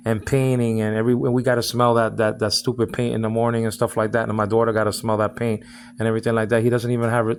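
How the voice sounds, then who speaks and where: A man's voice: on the low side, slight background noise. Agitated rambling man ranting to camera. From United States. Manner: agitated, repetitive, stumbling over words. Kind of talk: angry direct-address monologue.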